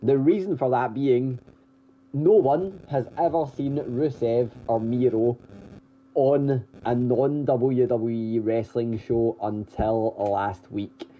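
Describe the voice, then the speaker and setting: A man's voice: mid-range voice, steady tone, slow pace. A man co-hosting a podcast, running through the week's wrestling news in a chatty way, with lots of ums, restarts and the odd chuckle. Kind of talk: casual news rundown. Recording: dull lo-fi audio.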